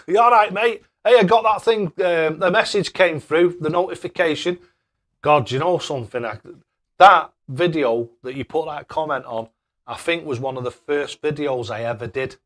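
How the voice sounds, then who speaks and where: A man's voice: on the high side, moderate pace, fairly bright tone. A man hosting a casual live stream, chatting away and thanking viewers by name with matey banter. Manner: matey banter, calls people mate.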